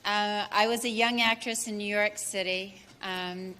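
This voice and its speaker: Woman with a mid-pitched voice, telling a comic story at a tribute dinner, slight broadcast hiss. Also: steady tone, a little slow, sharp tone, in a large hall. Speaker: actress giving a tribute. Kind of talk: comic anecdote from a stage.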